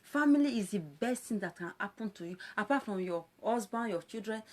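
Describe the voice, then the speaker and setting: A woman's voice: medium pitch, brisk. A woman with a Nigerian Pidgin accent, talking playfully and animatedly in a casual live-stream monologue as a social media presenter. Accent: Nigerian Pidgin English. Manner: animated, playful, frequent laughs and exclamations.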